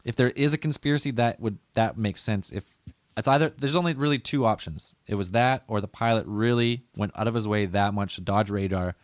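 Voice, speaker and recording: A man's voice: on the low side, brisk, no room sound. A man co-hosting a casual podcast, rambling with lots of "like" and free swearing. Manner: rambling, swears freely, many restarts with "like". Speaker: podcast co-host.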